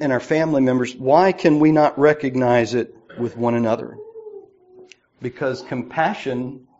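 A man preaching a sermon to his congregation, swinging between loud emphatic peaks and quiet asides. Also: medium pitch. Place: church. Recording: dull lo-fi church recording.

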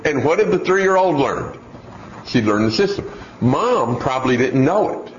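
A man teaching on child training in a sermon style, animated and acting out nagging parents. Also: mid-range voice, moderate pace. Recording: echoey, dull lo-fi recording with faint hiss.

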